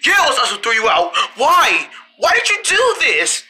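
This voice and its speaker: A storyteller voicing several characters in playful role-play, often laughing and shouting in quick back-and-forth. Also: sits high, huge pitch swings, low-quality recording.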